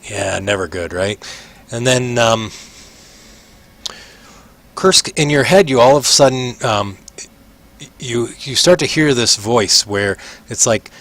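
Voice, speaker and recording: A relaxed game master, a man, describes the scene at an easy pace. He often pauses to hunt for the right word. His voice has a mid-range pitch. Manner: laid-back, halting, searching for words. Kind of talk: narrating a tabletop game.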